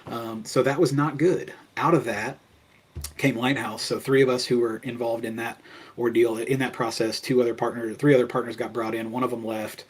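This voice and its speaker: A Kentucky man appears as a podcast guest, recounting his business story candidly and casually, with frequent "like" fillers. His voice is mid-range and steady at a moderate pace, with a breathy edge, on a rough recording.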